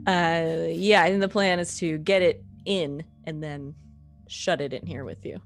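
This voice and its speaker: A woman narrating as game master of a tabletop game, casual and halting with many ums. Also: low voice, fairly even intonation, vocal fry, faint music behind.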